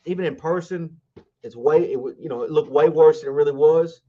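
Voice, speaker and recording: A man's voice: a little high, fairly quick, dull audio. A man co-hosting a sports podcast in casual chat, rambling and enthusiastic, full of fillers and restarts. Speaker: podcast co-host.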